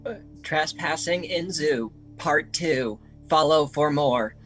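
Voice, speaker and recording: A man doing a deadpan short-video influencer. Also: a little high, soft background music. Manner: deadpan, slow, dry delivery.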